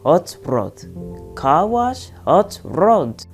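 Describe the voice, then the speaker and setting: A man voicing an excitable, flamboyant male robot with a put-on French flair. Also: high-pitched, extremely slow, vocal fry, soft background music, pitched above the performer's own voice, exaggerated voice. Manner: excitable, singsong.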